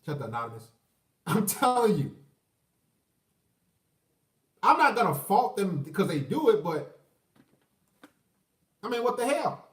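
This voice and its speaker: Man, 30s, profane rambling stream host, high pitch, distant mic with room echo. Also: big pitch swings, a little slow, long pauses. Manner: profane, rambling, mocking voices, shout-outs to viewers. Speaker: livestream host. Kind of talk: ranting livestream commentary. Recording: roomy echo, away from the mic.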